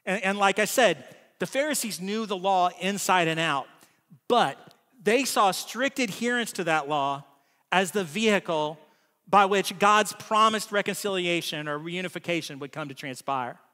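A man's voice: high voice, lively intonation, normal speed, bright, forceful tone, long reverb tail. A man preaching a sermon in a church, talking in a conversational way and often adding "right?" to check in with his listeners. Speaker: pastor. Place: church hall.

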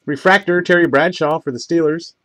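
A man hosting a live trading card break, reading off each pull in quick succession, tripping over names now and then. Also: fairly high pitch, background noise. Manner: rapid list-reading, stumbles over names; bursts of excitement on big pulls.

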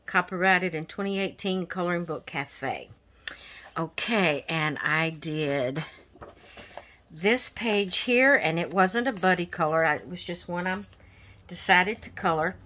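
A woman's voice: on the low side, unhurried, pushed and bright. A woman hosting her own coloring channel, chatting casually and rambling with many fillers as she shows her finished pages. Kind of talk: casual show-and-tell vlog.

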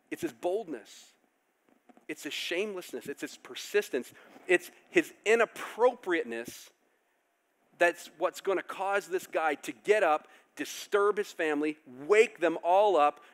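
A male pastor preaching a sermon, animated, acting out characters with loud outbursts. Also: sits high, measured pace.

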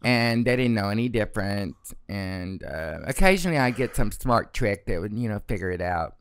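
A man's voice: on the low side, animated, normal speed, smooth, no room sound. A middle-aged man telling stories as a guest, brash, profane and campy, laughing often as he talks. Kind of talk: casual storytelling.

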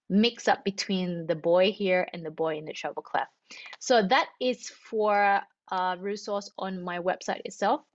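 Woman string teacher, chatty, walks through each step, middle pitch, muffled dry recording. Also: dry recording. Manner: chatty, explains step by step, asks and answers her own questions. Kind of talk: instructional explanation.

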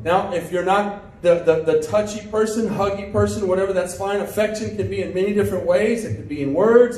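A pastor telling a story during a sermon, full of restarts and questions to the congregation. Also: male voice, sits high, darkish tone. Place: church sanctuary. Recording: roomy church sound from a distance.

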